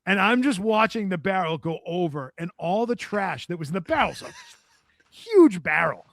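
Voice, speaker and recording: A man with a high voice spins an animated story in casual chat, laughing often and slipping into the voices of the people he describes. The sound is close and dry, with no room around it. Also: moderate pace, creaky, no room sound. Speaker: podcast guest.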